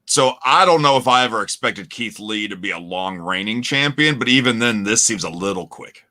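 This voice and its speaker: A man's voice: fairly low pitch, animated, moderate pace, pushed and bright. A man co-hosting a casual chat show, teasing his partner and stating his opinions with confidence. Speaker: podcast co-host.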